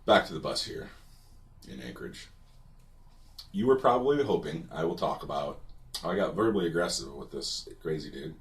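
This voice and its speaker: A man's voice: a bass voice, animated, normal speed, long pauses. A man narrating a personal story with wry, dry humor, recorded a bit away from the mic. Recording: distant from the mic.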